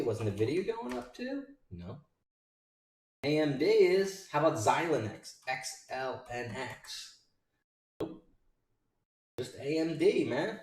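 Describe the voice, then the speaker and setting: A man hosting a live day trading show, excitedly calling out prices and shouting out names from his chat. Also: medium pitch, recorded from a distance. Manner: hyped, rattling off stock prices and chat names. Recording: roomy sound from off-mic.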